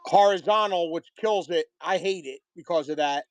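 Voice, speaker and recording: A man's voice: on the high side, moderate pace, dry recording. A man in his thirties selling trading cards on a live stream, chatting casually in a rambling way with frequent restarts. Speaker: card seller on live stream.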